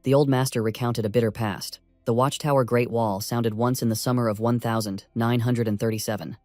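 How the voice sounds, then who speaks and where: Male narrator, story recap, steady even reading, dry close voice, faint music. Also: medium pitch, brisk, no echo.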